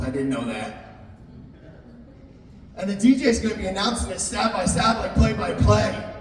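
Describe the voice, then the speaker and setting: A young man doing a stand-up comedy set in a live venue, animated, jumping into shouted high outbursts and teasing the crowd. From Italian-American family. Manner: crowd work, teasing audience members. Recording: echoey hall recorded from far off, audience noise.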